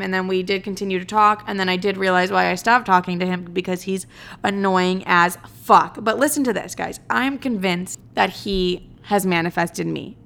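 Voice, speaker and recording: Animated young woman telling a dramatic story. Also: medium pitch, normal speed, vocal fry. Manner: animated, dramatic, swears freely, mocks herself. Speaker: vlogger. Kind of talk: casual storytelling to camera.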